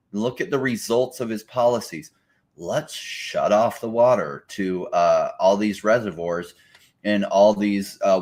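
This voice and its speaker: Man, lowish voice, sarcastic podcast co-host, casual. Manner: sarcastic, mocking voices for others.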